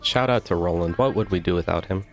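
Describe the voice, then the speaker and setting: A man's voice: sits low, quick pace, faint music behind. A young man giving casual gameplay commentary with joking, rambling asides to viewers. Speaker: gaming video host.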